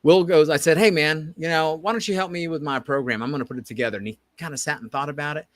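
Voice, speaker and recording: A man co-hosting a podcast tells a long story in easy conversation, slipping into the voices of the people he quotes. His voice sits a touch higher than usual for a man, and the recording is dry and close. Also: fast talker, no echo. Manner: animated, acts out quoted dialogue. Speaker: podcast co-host. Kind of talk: casual storytelling chat.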